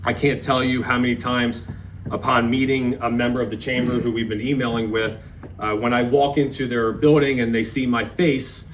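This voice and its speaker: A man's voice: medium pitch, level tone, normal speed, a little hiss or hum, rough recording. A man in his thirties from Maryland giving a eulogy for his grandfather, telling a story and acting out the quoted dialogue. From Maryland, USA. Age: 30s. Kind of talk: memorial speech. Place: memorial service.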